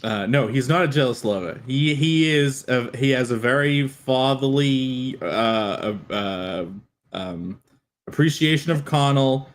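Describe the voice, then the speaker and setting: A man, a comic creator, chatting casually on a stream in an excitable, rambling way. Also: medium pitch, a little slow.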